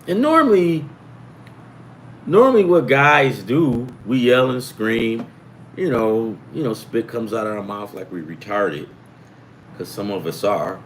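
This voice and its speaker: Animated, profane middle-aged man rambling. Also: medium pitch, unhurried, slight background noise. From US East Coast. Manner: profane, animated, acts out quoted voices. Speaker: sports betting show host. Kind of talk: rambling casual storytelling. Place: home in California.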